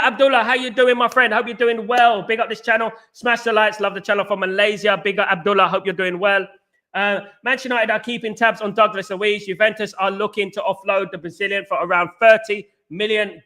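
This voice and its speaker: Middle-aged man, high voice, bright tone, chatty live-stream host, emphatic shout-outs. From England. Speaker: channel host reading live chat. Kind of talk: casual live-stream chat.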